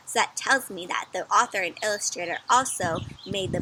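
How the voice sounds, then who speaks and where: A woman reading a picture book aloud to children in a teacherly way, pausing often to ask them questions. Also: mid-range voice, sharp tone. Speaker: children's story reader. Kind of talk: interactive read-aloud for kids.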